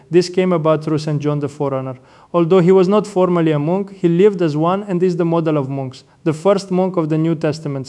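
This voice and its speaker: An older man, an Orthodox monk, giving a sermon with measured, reverent storytelling. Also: a little high, warm tone.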